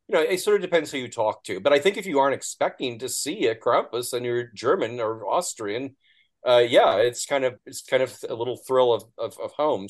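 A man speaking as a guest in casual chat, thoughtful and hesitant. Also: medium pitch.

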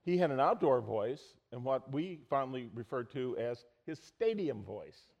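A middle-aged man preaching a sermon, telling stories and acting out quoted lines loudly. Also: mid-range voice, a little slow, creaky, dull audio. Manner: storytelling, animated, acts out quotes loudly. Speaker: pastor.

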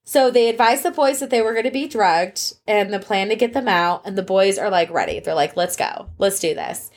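A woman's voice: mid-range voice, fairly quick. A woman co-hosting a casual podcast, retelling a news story in a chatty way and acting out what people said. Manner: storytelling, retells events with quoted voices. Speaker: podcast co-host. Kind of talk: casual chat.

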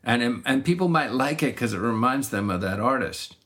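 Ok guy in his middle years, rambles thoughtfully, lotsa restarts, mid-pitched voice. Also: animated, moderate pace, a bit bright. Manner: reflective, rambling, frequent restarts. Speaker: singer-songwriter. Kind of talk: casual conversation.

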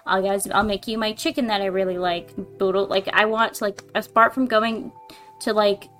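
A woman's voice: medium pitch, steady tone, normal speed, fairly bright tone, soft background music. Chatty woman full of "like" fillers. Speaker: podcast co-host. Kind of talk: casual chat.

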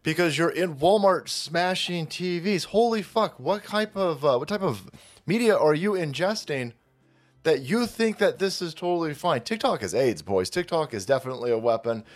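A man's voice: on the high side, lively intonation, normal speed. A man hosting a reaction video, delivering a profane, mocking comedic rant. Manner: mocking, sarcastic, swears constantly.

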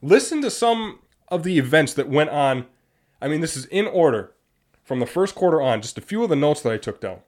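A young man hosting a casual sports talk show, animated and exasperated, often laughing. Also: fairly high pitch, brisk. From Wisconsin. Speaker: sports podcast host.

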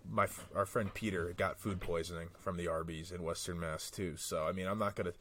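Male podcast guest, lowish voice, rambling easygoing chat. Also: fairly even intonation, brisk, a bit bright, slight background noise. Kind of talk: casual sports podcast chat.

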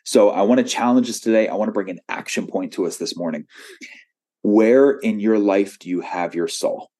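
Deep-voiced pastor preaching conversationally. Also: male voice, normal speed, warm tone. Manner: conversational preaching with frequent "right?" asides; acts out quoted voices in his stories. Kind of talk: sermon.

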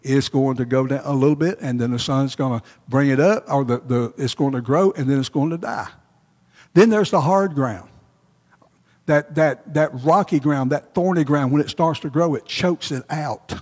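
A man's voice: mid-range voice, moderate pace, darkish tone, long reverb tail. A male pastor preaching a sermon, emphatic and repeating his key phrases for weight.

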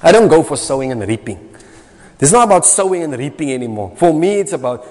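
Emphatic South African preacher in a hall. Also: male voice, a little high, sing-song, normal speed. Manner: emphatic and repetitive, swinging between loud and soft. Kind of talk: sermon. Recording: long reverb of a hall.

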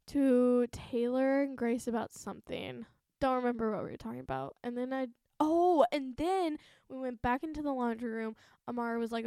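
A woman's voice: high voice, clear, resonant tone, dry recording, studio quality. A woman in her twenties hosting a podcast, telling a story in a chatty, profane way and laughing often. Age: 20s. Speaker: podcast host. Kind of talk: casual storytelling.

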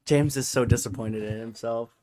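A man's voice: medium pitch, steady tone, moderate pace, noisy background. A young man co-hosting a podcast in casual chat, teasing and crude, laughing often. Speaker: podcast co-host.

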